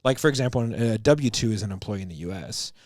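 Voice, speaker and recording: Man, low voice, very lively pitch, dry close sound, casual storytelling, lots of swearing and laughter. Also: fast, dry recording. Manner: swears often, laughs through his stories; fillers like "like" and "bro", acts out quotes. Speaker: business coach and podcast guest.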